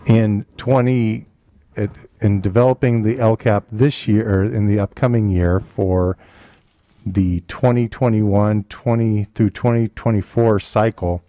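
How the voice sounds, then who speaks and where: A man with a low, warm voice walks a school board through a report. His delivery is halting, full of fillers and restarts, and the sound is dry and close, with no room echo. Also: steady tone. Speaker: school district administrator. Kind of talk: presenting a report at a board meeting.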